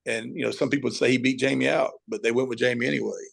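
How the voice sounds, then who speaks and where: A middle-aged man, a high school football coach, telling stories as an interview guest and acting out his own shouting at the TV. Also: racing, creaky, breathy edge. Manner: animated storyteller, acts out shouting at the TV.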